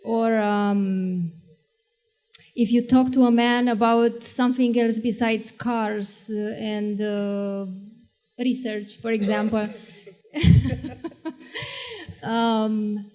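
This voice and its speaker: A woman educator talks on a discussion panel in a mellow, relaxed voice. She is thoughtful and measured, often pausing with small fillers as she builds her point. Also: a little high, in a large hall.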